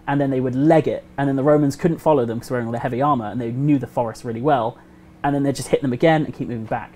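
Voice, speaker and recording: A man telling a history story casually on a game developer livestream, animated and acting out the quotes. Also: mid-range voice, a little hiss or hum. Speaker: community host.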